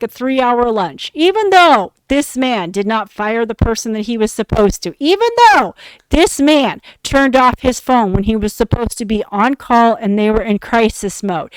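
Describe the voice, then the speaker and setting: Casual podcast woman swearing up a storm, clear voice, dead dry sound. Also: a little high, no room sound. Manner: profane, exasperated, emphatic. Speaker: podcast host. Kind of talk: casual storytelling rant.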